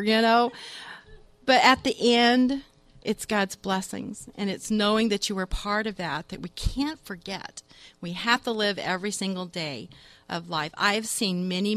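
A grandmother in her fifties giving a lively, chatty sermon with humorous stories, often breaking into laughter. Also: mid-range voice, dry recording. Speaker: church speaker.

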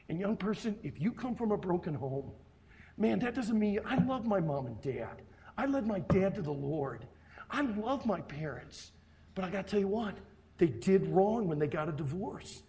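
A middle-aged man preaching a sermon in a camp meeting room, emphatic and repeating his points for stress, then dropping to a soft, hushed voice for a personal story. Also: sits high, very animated, moderate pace. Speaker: pastor.

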